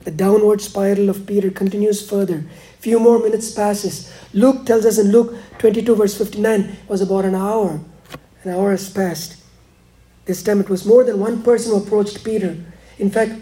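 A pastor delivers a sermon, his voice sinking to slow, hushed lines before climbing again for emphasis.

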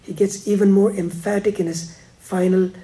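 A man preaching a sermon, dropping to hushed, slow lines and rising again for emphasis. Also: little pitch movement. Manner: preaching, swings between hushed lows and emphatic rises. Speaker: pastor.

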